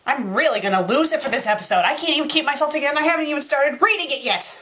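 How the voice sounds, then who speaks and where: A high, bright woman's voice that rises and falls with wide swings. She hosts a comedic fanfic review and plays it melodramatic, lurching from shouted outbursts to whispered self-soothing. The delivery stays theatrical and unhinged. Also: lively intonation, rapid-fire. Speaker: fanfic reviewer, show host.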